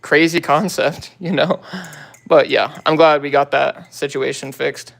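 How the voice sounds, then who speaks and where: A young man talks casually on a phone livestream, greeting viewers and tossing out slang. His voice sits a bit high for a man and has a gravelly, fry-tinged edge. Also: steady tone, a bit bright. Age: young adult. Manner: laid-back slangy talk, quick greetings to viewers. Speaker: livestream host. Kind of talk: casual livestream chat, reading viewer comments.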